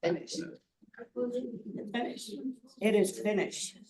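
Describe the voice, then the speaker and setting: An enraged woman, a resident at a public meeting, shouting, swearing and repeating herself in fury. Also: medium pitch, slow pace. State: furious, agitated. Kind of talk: heated outburst at a community board meeting. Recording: distant room audio from a meeting.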